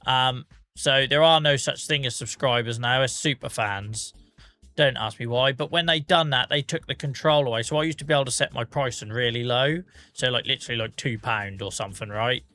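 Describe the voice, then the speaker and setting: Bright-voiced man chatting on stream. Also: mid-range voice, a little fast, faint music behind. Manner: chatty, self-mocking, reads out viewer comments. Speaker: livestream host. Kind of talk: casual chat with viewers while gaming.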